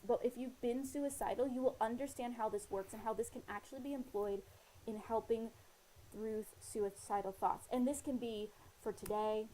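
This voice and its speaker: Slightly high and mellow, this woman's voice is heard on a rough recording with slight background noise. A vlogger living in Australia, she speaks earnestly and casually to camera with personal advice, rambling with many fillers and reported dialogue.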